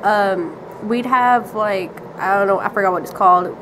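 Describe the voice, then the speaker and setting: Speaking at a moderate pace in a middle-pitched voice, a teenage vlogger wanders through a casual story, giggling and using "like" as filler. Steady hiss and background noise run under the recording.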